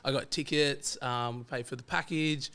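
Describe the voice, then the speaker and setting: An Australian man who is a podcast guest, telling casual anecdotes in a lively way and acting out the dialogue he quotes. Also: medium pitch, background noise. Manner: animated, fast-flowing anecdotes that act out quoted dialogue. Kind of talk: casual storytelling chat.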